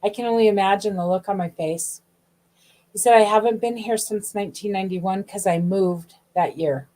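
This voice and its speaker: A middle-aged woman, host of a podcast, telling a personal story in a chatty, animated way, full of asides and acted-out dialogue. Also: medium pitch, moderate pace. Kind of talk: casual storytelling.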